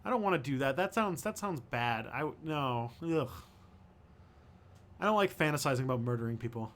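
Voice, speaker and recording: A man hosting a casual livestream, reading out viewer questions and answering them as he goes. He talks in halting bursts and circles back to restart his sentences. His voice sits in an ordinary middle pitch. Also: animated, a bit bright. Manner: thinks aloud, halting, with many fillers and restarts.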